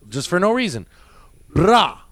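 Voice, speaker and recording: Speaking in a high-pitched voice at a measured pace, a man recalls his days as a nightclub bouncer during a relaxed podcast conversation. He swears a lot and gets animated, performing other people's lines. The recording is dry.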